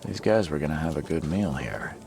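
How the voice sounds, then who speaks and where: An actor voicing a grim male detective in a game, examining crime scenes in a deep, gravelly voice. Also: lively intonation, a little fast, heavily acted. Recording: game audio with ambient noise.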